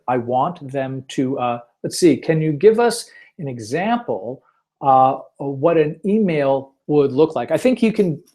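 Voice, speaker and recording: With a fairly high-pitched yet dark-toned voice, a man runs a casual webinar built around storytelling. He chats freely, pokes fun at himself, and fills his speech with fillers.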